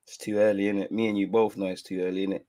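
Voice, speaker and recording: A man's voice: low-pitched, level tone, very fast, dark tone, no echo. A young man, talking to camera in a playful, slang-heavy fan vlog in front of a green screen. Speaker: football vlogger.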